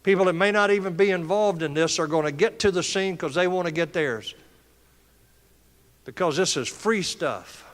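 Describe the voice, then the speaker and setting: A man's voice: high voice, moderate pace. An older man speaking at a conference, giving an emphatic, impassioned, preacher-like motivational speech. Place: conference hall. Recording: echoey large hall.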